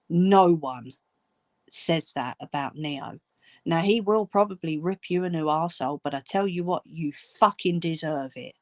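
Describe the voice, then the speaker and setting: A woman's voice: lowish voice, dry recording, clean studio sound. A woman ranting angrily at viewers, swearing and scolding. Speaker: channel host. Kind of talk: angry direct-to-camera rant.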